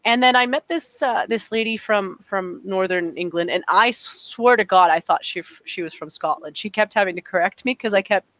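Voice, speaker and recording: A woman's voice: mid-range voice, moderate pace, hardly any pauses, a bit bright, dry recording, poor audio. Chatty Canadian woman, dry sound. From Alberta, Canada. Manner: chatty, laughs often, repeats words. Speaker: podcast co-host. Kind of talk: casual chat.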